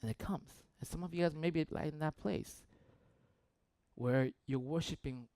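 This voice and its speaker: A man preaching a sermon as a pastor, telling a story conversationally with frequent "right?" and swinging between loud bursts and hushed near-whispers. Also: on the high side, normal speed, no echo.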